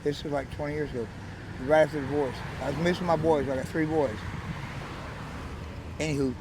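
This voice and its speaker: A man's voice: fairly high pitch, fairly even intonation, fairly quick, noisy background. A man in his forties with a West Texas Southern drawl, a rambling, joking storyteller in a casual outdoor street interview. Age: 40s. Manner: rambling, joking storyteller who laughs often.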